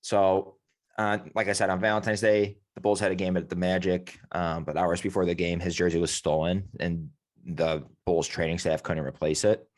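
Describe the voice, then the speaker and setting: Very low-voiced man hosting a sports podcast. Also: little pitch movement, moderate pace. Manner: rambling, loose and profane, self-correcting. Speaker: podcast host. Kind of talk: casual sports chat.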